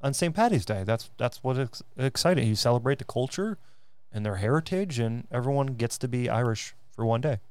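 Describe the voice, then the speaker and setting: A man's voice: medium pitch, lively intonation, a little fast, darkish tone, clear, resonant tone, dry recording. A man co-hosting a podcast in casual chat, talking in a rambling way with lots of fillers. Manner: chatty, rambling, many fillers. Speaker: podcast co-host.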